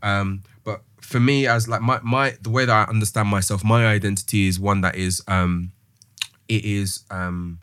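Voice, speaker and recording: A man's voice: lowish voice, steady tone, normal speed, fairly bright tone, smooth, no room sound. A man, hosting a casual podcast discussion, thinking aloud with many ums and restarts. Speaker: podcast host.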